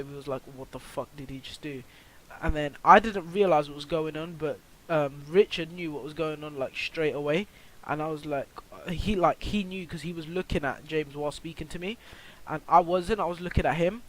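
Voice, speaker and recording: A man's voice: on the high side, fairly quick, a bit bright, poor audio. A teenage boy tells a storytime vlog in a rambling way, full of fillers and swearing. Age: teens. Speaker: vlogger.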